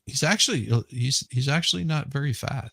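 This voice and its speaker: A man's voice: medium pitch, brisk, gravelly, fairly bright tone, husky, dry recording, clean studio sound. A man chatting casually on a live stream, rambling and restarting as he searches for names. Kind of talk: casual chat.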